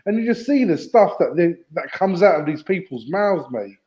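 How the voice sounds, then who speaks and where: A man's voice: high voice, very animated, moderate pace, darkish tone. Blunt sweary man, dull sound. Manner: blunt, sweary, says "mate" a lot. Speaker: podcast co-host. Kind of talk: casual football debate.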